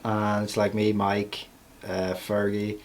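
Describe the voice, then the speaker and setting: A man talking as a podcast guest in casual chat, laughing often as he tells quick anecdotes. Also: fairly low pitch, completely flat delivery, a little hiss or hum.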